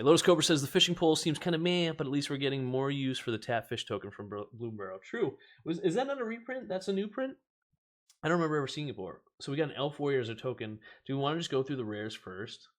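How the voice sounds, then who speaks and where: A man hosting a casual stream, chatting, laughing often and reading cards and viewer comments aloud. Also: mid-range voice. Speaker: host of a card-opening stream. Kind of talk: casual chat while opening card packs.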